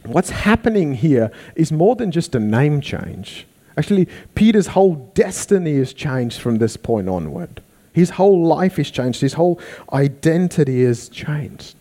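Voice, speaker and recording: A man preaching a sermon, animated, acting out the people he quotes. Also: fairly high pitch, measured pace. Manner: animated, acts out quoted voices.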